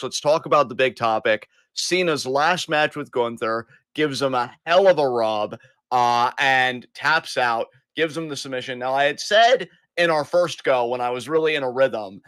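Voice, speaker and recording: A man's voice: medium pitch, normal speed, a bit bright, no room sound. A man co-hosting a weekly podcast in casual chat, rambling and correcting himself as he goes. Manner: rambling, self-correcting, chatty. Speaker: podcast co-host.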